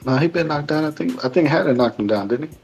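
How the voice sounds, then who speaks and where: A man's voice: a little high, expressive, fast talker, darkish tone, faint music behind. A man co-hosting a podcast, chatting casually and joking about fights in slang. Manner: laughs often, slangy and joking. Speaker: podcast co-host. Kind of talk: casual boxing chat.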